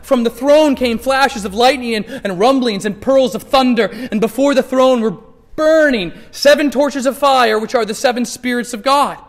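A pastor with a notably high voice delivers a lively sermon in a church sanctuary. He talks to the crowd casually, dipping into quiet asides before bursting out with emphatic lines. A long reverb trails behind every phrase. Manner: animated, swings from hushed asides to loud emphatic bursts; conversational, playfully acts out scripture scenes.

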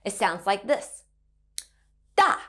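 A woman's voice: fairly high pitch, big pitch swings, unhurried. Playful sing-song woman teaching kids. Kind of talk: children's lesson narration.

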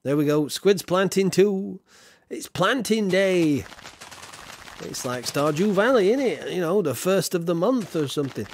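A man's voice: high voice, animated, normal speed, few pauses, a little mellow, a little hiss or hum. A man streaming a building game, chatting casually and reading out his viewers' comments as he plays. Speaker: gaming streamer. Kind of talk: live-streamed gameplay chat.

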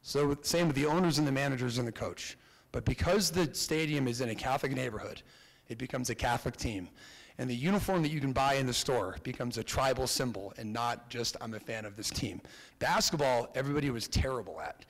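A young American man from Connecticut giving a storytelling talk as a keynote speaker, animated, lifting his voice for quoted lines. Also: medium pitch. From Connecticut, USA. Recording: reverberant hall.

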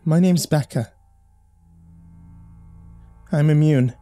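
Man doing a frantic high teenage girl. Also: takes it slowly, warm tone, faint music behind. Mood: grim. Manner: breathless, pleading, high-pitched cries.

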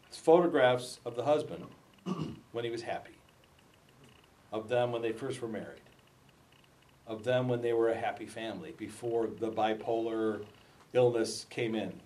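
A man giving a talk, telling stories with lively acted-out dialogue. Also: moderate pace, far from the mic. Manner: lively storytelling, acting out dialogue with raised pitch. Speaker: speaker at a talk. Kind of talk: storytelling talk.

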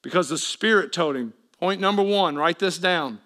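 A man preaching a sermon as pastor, swinging between loud emphatic appeals and hushed asides, often questioning his congregation directly. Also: high voice, expressive, normal speed.

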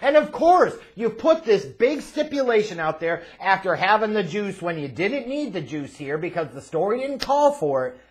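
A man hosting a wrestling review, ranting angrily and profanely, often building to shouts. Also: high-pitched, big pitch swings, moderate pace, hardly any pauses. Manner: angry, profane, shouting ranter.

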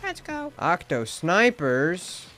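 Excitable young man streaming a game. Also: sits high, slow, faint music behind. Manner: excitable, swears, shouts in surprise; reads game dialogue aloud in a flat voice.

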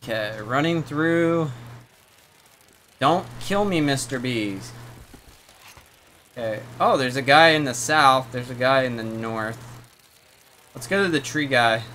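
A man's voice: medium pitch, fairly bright tone, slight background noise. A man streaming a game, thinking aloud and chatting with his viewers in a casual way. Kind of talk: casual gameplay commentary.

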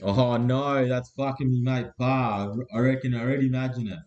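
A man's voice: mid-range voice, level tone, moderate pace, darkish tone, dull audio. An Australian man hosting a live card break, with crude, laddish banter and constant swearing.

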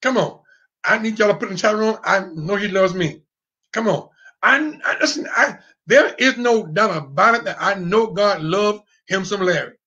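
A man's voice: sits high, expressive, moderate pace, sharp tone, muffled recording. A man preaching an online sermon, fiery, with call and response and sudden whoops. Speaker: pastor.

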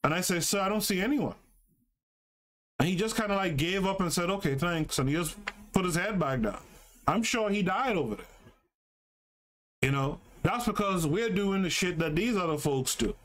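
A man's voice: sits high, expressive, moderate pace, a bit bright. A man hosting a livestream podcast, reading passages aloud and commenting on them in a conversational way, often checking in with "right?". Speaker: podcast host.

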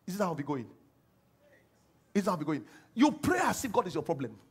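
Animated husky Nigerian-accented pastor preaching. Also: male voice, high-pitched, a little fast. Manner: animated, swings from quiet mimicry to loud exhortation. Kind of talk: sermon.

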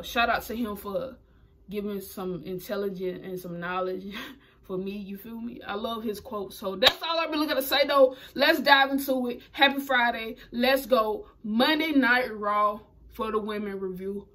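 A woman's voice: medium pitch, fairly bright tone. A woman recapping a wrestling show in a chatty, slangy way, laughing often. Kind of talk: casual video recap.

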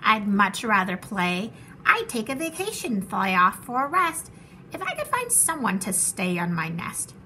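A lazy mother bird with a bright, lively, swooping storybook voice that coaxes in a drawn-out sing-song, as a woman puts her on. She wheedles sweetly and stretches her words. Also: medium pitch, a little hiss or hum, exaggerated voice. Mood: coaxing. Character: lazy pleading female bird.

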